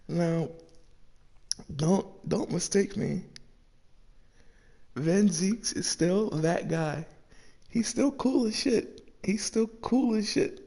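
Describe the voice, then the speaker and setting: A man's voice: a little high, creaky. A man giving casual let's-play commentary to his audience, swearing a lot and repeating himself as he reacts. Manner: profane, repetitive, animated reactions. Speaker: gaming channel host.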